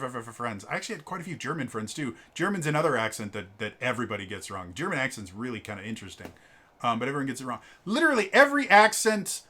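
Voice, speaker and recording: A man giving a casual spoken review of a tabletop game book, halting with lots of fillers and stammered repeated sounds, opinionated and exasperated. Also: mid-range voice, bright, forceful tone. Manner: opinionated, exasperated about stereotypes.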